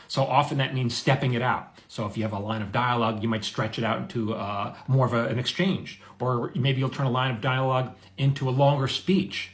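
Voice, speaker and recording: A man's voice: medium pitch, fairly even intonation, a little fast, few pauses. A middle-aged man teaching screenwriting in a casual, conversational way, telling stories with quoted dialogue. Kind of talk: conversational advice monologue.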